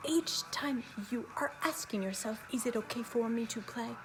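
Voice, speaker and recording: A woman medium in trance, giving a channeled message as a collective "we" in a slow, hushed, often whispered, repetitive delivery. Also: on the high side, soft background music. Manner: speaks as a collective "we".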